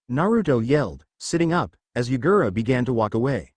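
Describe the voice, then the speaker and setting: A man narrating a fan fiction story in a steady storytelling manner. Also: mid-range voice, brisk, few pauses, no echo.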